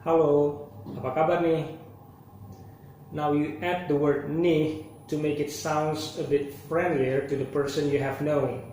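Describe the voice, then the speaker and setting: A man with an Indonesian accent giving an online language lesson, earnest and repeating key phrases slowly. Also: fairly high pitch, flat delivery, darkish tone. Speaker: language teacher. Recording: echoey room with faint noise.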